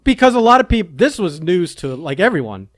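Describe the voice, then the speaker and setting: A man's voice: sits high, sing-song, fairly quick. A man co-hosting a podcast in casual chat, trading crude, wisecracking banter. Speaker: podcast co-host.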